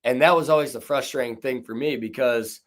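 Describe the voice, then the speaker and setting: A young man with a mid-pitched voice chats loosely as a podcast guest. His speech is full of "like" and "you know" and catches now and then on a mild stutter. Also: brisk. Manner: stutters at times; rambling, filler-heavy. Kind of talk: casual conversation.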